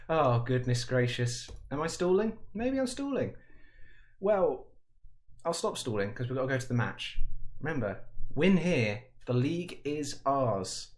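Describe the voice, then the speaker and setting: A man commenting on a football video game, chatty and jokey, building to excited shouts at goals, his voice cracking. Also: medium pitch, moderate pace.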